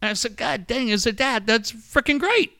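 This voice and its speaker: A middle-aged man, a coach and father, telling stories in casual chat, lively and laughing as he acts out what others said. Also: extremely high pitch, moderate pace, gravelly. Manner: animated, laughing storyteller who acts out quotes.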